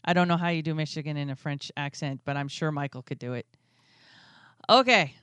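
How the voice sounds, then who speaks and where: A woman host chats warmly and easily with callers and co-hosts, her voice smooth and clear, and she laughs a lot. The sound is dry and close to the mic. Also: low voice, brisk, no echo. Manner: chatty, affectionate, laughs often. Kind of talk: casual chat.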